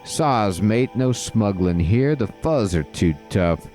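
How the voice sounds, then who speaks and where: A man's voice: medium pitch, animated, slow, mellow, soft background music. A man voicing a shifty male penguin smuggler who talks in clipped street slang. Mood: cheeky.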